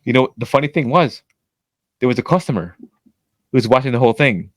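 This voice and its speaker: A man co-hosting a podcast, telling a workplace story in casual chat, acting out quotes and cursing freely, with a voice he calls always loud. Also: fairly quick, no echo. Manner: animated, acts out quotes with big pitch jumps and profanity; says his voice is always loud. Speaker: podcast co-host.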